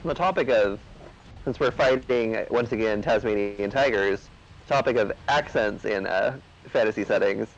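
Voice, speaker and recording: A man's voice: lowish voice, normal speed, lo-fi sound, a little hiss or hum. A man chatting casually over gameplay, rambling with lots of fillers and restarts. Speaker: co-host of a gaming video.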